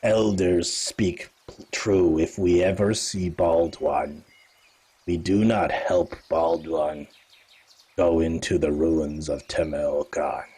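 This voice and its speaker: A man's voice: low voice, steady tone, mellow, husky, voice pushed down, exaggerated voice. A man voicing a grave old cat-folk matriarch. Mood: solemn. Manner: slow, grave, broken speech. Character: solemn old female cat-folk elder, stern and wary.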